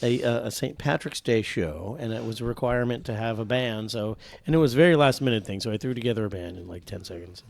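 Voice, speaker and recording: A man's voice: mid-range voice, creaky, dry recording. A man hosting a casual podcast, rambling through stories and cracking jokes. He stumbles and restarts as he talks. His voice sits mid-range and sounds dry and close. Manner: rambling, joking, halting. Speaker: podcast host.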